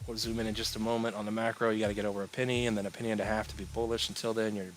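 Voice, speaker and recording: A man's voice: fairly low pitch, rapid-fire, faint music behind, poor audio. A man hosting a live crypto chart stream, talking casually and rambling, yawning now and then as he answers chat. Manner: relaxed, rambling, yawning, reading chat aloud. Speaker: crypto livestream host.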